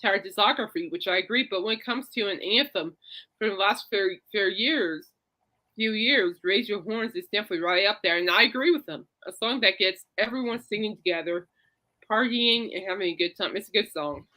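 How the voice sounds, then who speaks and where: A woman hosts a loose, rambling podcast chat. Her voice is bright and clear, and she talks in a reassuring way. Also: medium pitch, brisk, low-quality recording. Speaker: podcast host. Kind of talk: casual chat.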